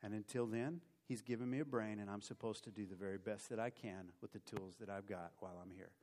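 A man preaching and telling a personal story in a lively way, mocking himself as he acts out the scenes. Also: fairly low pitch, fast. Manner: animated, self-mocking storyteller who acts out his own story. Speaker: preacher giving a testimony. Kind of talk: sermon storytelling.

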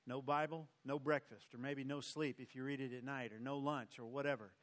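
A man's voice: medium pitch, fairly even intonation, brisk. A male pastor closing his sermon with emphatic, repetitive exhortation, then leading his church in prayer. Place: church sanctuary.

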